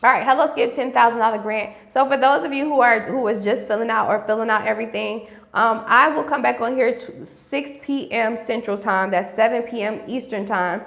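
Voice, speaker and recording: Woman, livestream host, casual chat, slightly high voice, echoey room. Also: brisk, gravelly, hardly any pauses, a bit bright. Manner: chatty, repeats "okay?" and "right?" to viewers. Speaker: livestream host helping with grant applications.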